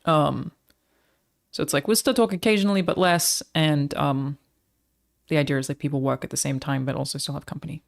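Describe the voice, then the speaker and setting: A woman's voice: low voice, fairly even intonation, brisk, gravelly. An Australian woman streamer chatting casually with her live audience, swearing freely as she talks.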